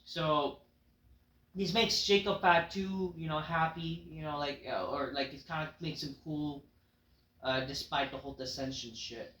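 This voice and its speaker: A man's voice: fairly high pitch, fairly even intonation, measured pace, sharp tone, reverberant, rough recording. A man casually recapping a wrestling show in a rambling, offhand way, full of fillers.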